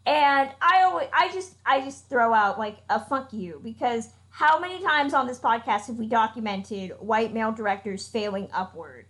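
Outspoken, fairly high-voiced woman podcaster. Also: expressive, normal speed, few pauses, fairly bright tone. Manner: emphatic, blunt, swears freely. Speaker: podcast co-host. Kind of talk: casual opinionated chat.

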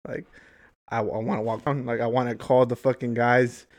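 A man's voice: mid-range voice, little pitch movement, moderate pace. A young adult man telling a long story in casual chat, rambling and swearing freely, saying "like" and "dude" often. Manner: profane, rambling, heavy use of "like" and "dude".

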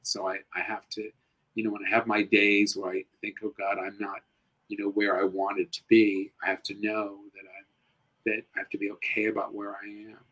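A middle-aged man, a guest actor and comedian, chatting casually in an interview, expressive and animated, swinging between loud and hushed. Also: on the low side, a little fast, rough recording.

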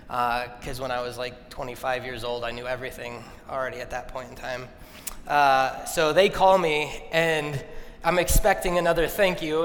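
A man in his thirties telling a personal story to an audience, self-deprecating and humorous, and animated when he relives arguments. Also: medium pitch, a little hiss or hum. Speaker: speaker. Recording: long reverb of a large hall.

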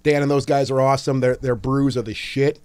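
A man's voice: medium pitch, fairly even intonation, a little fast, a little mellow, clean tone, no room sound. A man co-hosting a podcast in casual, joking chat, laughing often. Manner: laughs often, loose and jokey. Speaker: podcast co-host.

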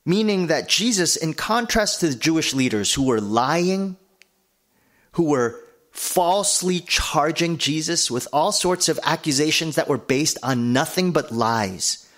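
A man's voice: on the high side, lively intonation, a little slow, fairly bright tone. Man preaching an earnest sermon. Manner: earnest preaching, building emphasis with lists. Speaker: pastor.

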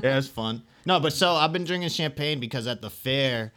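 Bright-voiced man telling a rowdy story. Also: mid-range voice, normal speed. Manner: profane, rambling, acts out quotes loudly. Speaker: storyteller among friends. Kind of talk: casual chat.

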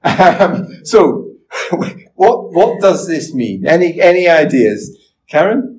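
A man's voice: fairly high pitch, very animated, takes it slowly, a little mellow, rough recording. A man in his forties hosting a podcast in casual, self-mocking chat with lots of restarts. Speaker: podcast host.

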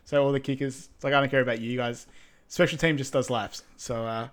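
A podcast co-host with a medium-pitched voice talks fairly quickly in a casual film recap about a movie scene. Relaxed and easygoing, he mostly offers short agreeing replies.

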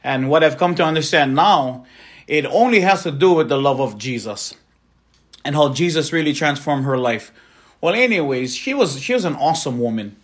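A man's voice: fairly high pitch, lively intonation, moderate pace. A man from Hawaii, an evangelist telling his personal testimony in an earnest, heartfelt way.

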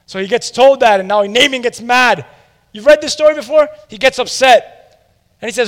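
A man in his forties preaching a sermon, retelling a story with animated asides to the congregation. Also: very high voice, a little fast, long reverb tail. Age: 40s. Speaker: pastor.

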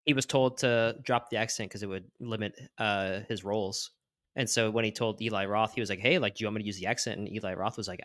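A man's voice: on the low side, fast, dry recording, clean studio sound. A man appearing as a podcast guest, chatting casually and retelling scenes and dialogue. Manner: relaxed, lots of likes, retells dialogue. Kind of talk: casual chat.

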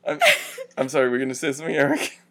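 Podcast co-host with a gravelly, mid-pitched voice who jokes and laughs often. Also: steady tone, racing, heavy background noise. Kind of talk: casual chat about a TV show.

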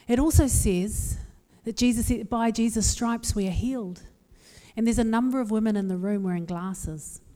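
A New Zealand woman speaking on stage, her fairly high voice ringing out with a long hall echo. She tells her stories candidly and pokes fun at herself. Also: moderate pace. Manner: candid, self-deprecating, lively storytelling. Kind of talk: humorous personal talk to a live audience.

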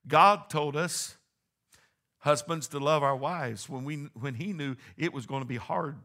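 Bright-voiced preacher man. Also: a little slow. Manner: swings between quiet, low asides and loud, rising exclamations. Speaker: pastor. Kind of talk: sermon. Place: church.

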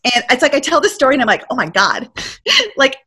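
A woman's voice: sits high, fast talker, soft background music. A woman in her forties, a podcast guest, telling her story casually and acting out her own panicked quotes. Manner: animated, acts out her past self's panicked quotes.

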